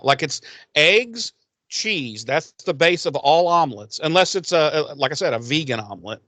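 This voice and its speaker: A man's voice: on the high side, a bit bright, no room sound. A man co-hosting a podcast, retelling a TV episode in loose, profane casual chat full of fillers. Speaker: podcast co-host.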